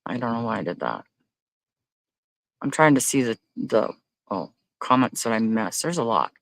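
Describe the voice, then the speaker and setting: A man's voice: very animated, normal speed, vocal fry, dry recording. Profane ranting man. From Canada. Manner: loudly incredulous, rises to high exclaims. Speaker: livestream host. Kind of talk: casual livestream chat reading viewer comments.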